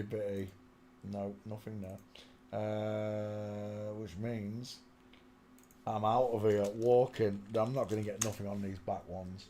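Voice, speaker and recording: A man's voice: on the low side, dark tone, a little hiss or hum. A man hosting his own live stream, muttering to himself, talking to the viewers and now and then singing a line of a song, on a small desk microphone at home. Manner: muttering, sings snatches of a song. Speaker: channel host.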